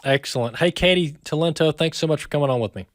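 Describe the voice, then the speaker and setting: A man's voice: fairly high pitch, fast talker, dry recording, clean studio sound. A man with an American accent hosting a talk radio show, speaking emphatically and repeating words as he builds his point.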